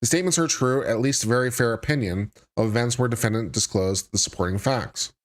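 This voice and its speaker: A man hosting a live stream reads a court filing aloud at a brisk clip. He keeps stopping to toss in wry, sarcastic remarks. His voice sits in an ordinary middle pitch. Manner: reads legal text aloud then breaks off into sarcastic asides. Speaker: legal commentary host.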